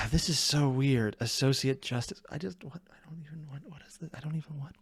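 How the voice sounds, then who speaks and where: A man's voice: fairly high pitch, fairly even intonation, a little fast, vocal fry, fairly bright tone, husky, no room sound. Wry chatty man reacting to a cartoon. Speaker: reaction video host. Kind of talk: casual reaction commentary.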